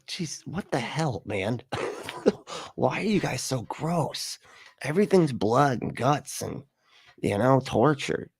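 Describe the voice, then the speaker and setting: A man's voice: mid-range voice, gravelly, dry recording, clean studio sound. Sarcastic man hosting a livestream. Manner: sarcastic, laughing, swearing, talks over clips. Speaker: livestream host reacting to clips. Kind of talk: casual livestream commentary.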